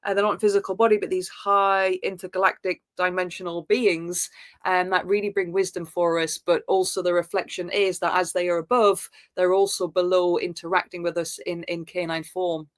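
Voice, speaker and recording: A woman, a podcast guest, telling personal stories in an earnest, spiritual way with halting restarts and fillers. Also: lowish voice, little pitch movement. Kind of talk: reflective personal storytelling.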